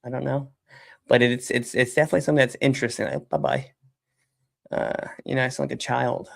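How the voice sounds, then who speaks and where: Typing at a computer desk during a livestream, a man who founded a software company chats and rambles with many fillers and casual swearing. He talks fast in a mid-range voice with a steady tone and vocal fry.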